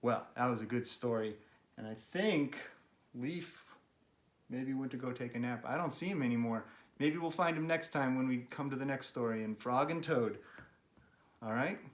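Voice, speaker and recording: A man hosting a children's read-aloud, narrating a story and making gentle, chatty asides to a pet. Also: medium pitch, moderate pace. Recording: roomy, echoey room.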